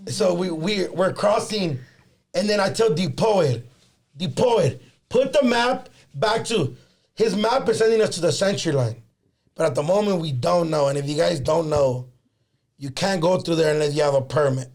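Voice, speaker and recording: Gravelly man telling a profane story. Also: fairly high pitch, normal speed. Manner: profane, animated storyteller mixing in Spanish words. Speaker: podcast co-host. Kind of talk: casual chat, storytelling.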